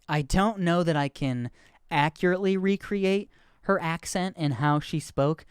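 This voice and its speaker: A man's voice: on the high side, measured pace, clean tone, no echo, studio quality. A man in his thirties hosting a podcast, rambling candidly and poking fun at himself in casual chat. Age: 30s. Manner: rambling, candid, self-deprecating. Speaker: podcast host.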